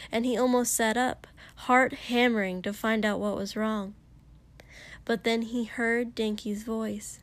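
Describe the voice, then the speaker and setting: A woman narrating fiction in a soft, hushed voice, often near a whisper. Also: on the high side. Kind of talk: audiobook reading of fiction.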